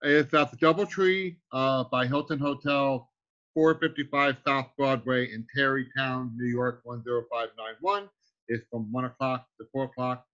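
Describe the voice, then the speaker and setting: A man's voice: mid-range voice, moderate pace, sharp tone. A man hosting a weekly team training call, effusive and calling people sir and brother. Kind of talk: motivational conference-call hosting. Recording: slightly muffled call audio.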